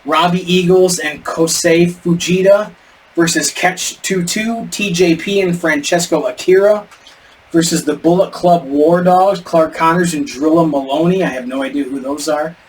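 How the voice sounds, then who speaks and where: This is a man with a voice on the high side, talking at a moderate pace as he co-hosts a casual podcast. He rambles and fumbles names, and a distant mic captures faint background noise.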